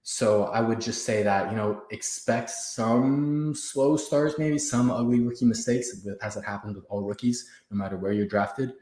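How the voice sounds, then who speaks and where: Hyped young fan host, winded after push-ups, mid-range voice, roomy home echo. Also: male voice, mid-range voice, moderate pace, hardly any pauses, darkish tone. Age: young adult. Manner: hyped, laughing, talks straight to viewers. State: out of breath. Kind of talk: casual livestream chat. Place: home room. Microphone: camera on the floor.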